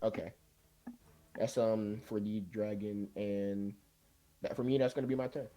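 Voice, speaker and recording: A man playing a tabletop game, chatting casually and thinking aloud in halting phrases. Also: lowish voice, steady tone, dark tone. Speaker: player.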